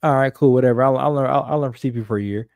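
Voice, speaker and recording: A man's voice: medium pitch, racing, gravelly, a little mellow, dry recording. A young man co-hosting a sports podcast, talking emphatically and profanely in casual chat. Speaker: podcast co-host.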